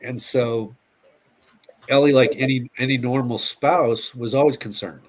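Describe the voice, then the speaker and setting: A man's voice: medium pitch, steady tone, a little slow. A middle-aged man, a police officer, telling stories as an interview guest, often repeating words and acting out quotes. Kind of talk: casual storytelling interview.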